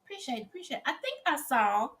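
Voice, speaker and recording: A woman co-hosts a casual live chat with a bright, lively voice. She giggles and teases her partner, and her pitch rises and falls freely as she welcomes viewers. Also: racing. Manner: giggly, teasing, animated. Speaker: livestream co-host.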